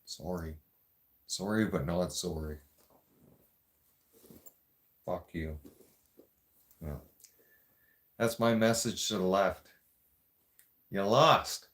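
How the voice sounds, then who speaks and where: A man's voice: deep voice, extremely slow, pauses often, fairly bright tone. A man with a Toronto Canadian accent, ranting to camera in a blunt, profane and sarcastic vlog monologue. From Greater Toronto Area, Canada. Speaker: vlogger.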